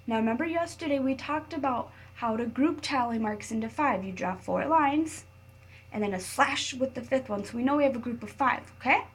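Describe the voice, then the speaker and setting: A female teacher reads a picture book aloud to her students, patient and clear, stopping now and then to guide them. Her voice sits a little high.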